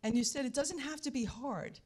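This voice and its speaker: A woman, a guest telling an emotional personal story, animated and repetitive, often speaking straight to the audience. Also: high voice, a little fast. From New York.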